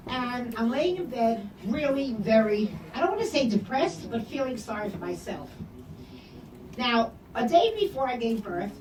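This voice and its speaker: An older woman telling personal memories to an audience, animated, acting out the voices in her quoted dialogue. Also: a little high. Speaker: speaker sharing memories. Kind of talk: personal storytelling talk. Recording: echoey room from far off, noisy.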